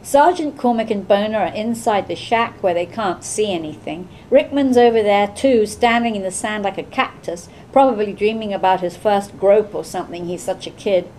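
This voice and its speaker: A woman author giving a measured, expressive reading of her own novel. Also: mid-range voice, slight background noise, poor audio. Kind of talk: literary reading aloud.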